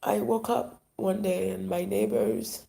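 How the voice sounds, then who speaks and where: A woman with a Haitian accent delivering a rambling, emotional monologue. She sighs often and swings between loud talk and whispers. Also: mid-range voice, steady tone, unhurried, vocal fry. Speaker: vlogger.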